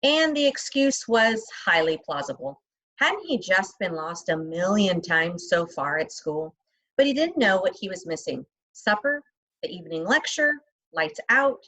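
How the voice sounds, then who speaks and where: A woman reading a children's novel aloud, expressive, lightly voicing the characters and adding chatty asides to the listener. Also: on the low side, measured pace, rough recording.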